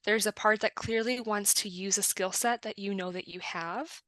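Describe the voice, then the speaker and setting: A woman's voice: medium pitch, normal speed, fairly bright tone, dry recording. A woman co-hosting a podcast in a casual discussion, reflective and often checking in with "right?". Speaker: podcast co-host.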